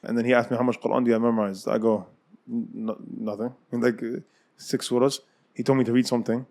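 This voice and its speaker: Fast-talking American man telling a story. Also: mid-range voice. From United States. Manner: animated, acts out dialogue, laughs often. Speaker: guest telling his life story. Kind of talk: casual storytelling.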